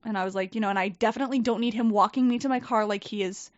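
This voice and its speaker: A woman telling a story in casual chat, animated and swearing, acting out quoted people. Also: mid-range voice, racing, no echo. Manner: animated, profane, quotes people in lively voices. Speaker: podcast guest. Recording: dull, dry podcast mic.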